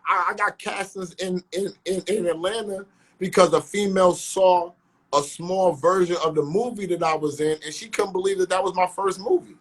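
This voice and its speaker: A man from South Jamaica, Queens, a rapper and actor, telling animated stories in street slang during a casual interview. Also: sits high, normal speed. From South Jamaica, Queens, New York. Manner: animated storytelling, street slang, acts out dialogue.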